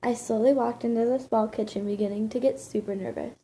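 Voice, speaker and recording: Woman reading a story aloud, mellow. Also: a little high, fairly even intonation, brisk, a little hiss or hum, poor audio. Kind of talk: first-person story narration.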